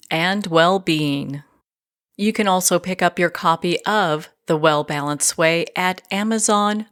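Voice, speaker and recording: A woman's voice: mid-range voice, fairly bright tone. A woman in a mid-range voice hosts an interview show. She speaks with gracious, effusive enthusiasm, thanking her guest and wrapping up the hour. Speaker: show host. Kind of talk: interview hosting.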